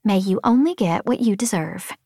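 A woman voicing a serene, gentle female pilot who speaks calmly and softly. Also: mid-range voice, normal speed, vocal fry, dry recording, studio quality. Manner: calm, soft-spoken.

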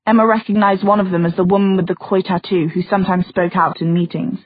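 A woman narrates a fantasy novel with steady, even pacing. Her voice is slightly husky and sits at a middle pitch. The sound is dry and narrow, like it came through a phone line. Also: fast talker, no echo. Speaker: audiobook narrator.

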